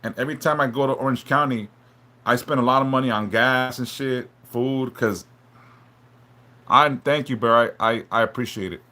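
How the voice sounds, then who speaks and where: A man hosting a live stream, talking haltingly and emotionally, stumbling and repeating words, swearing a lot and apologizing for opening up. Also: medium pitch, pushed and bright. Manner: apologetic and openly vulnerable. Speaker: livestream host reading chat.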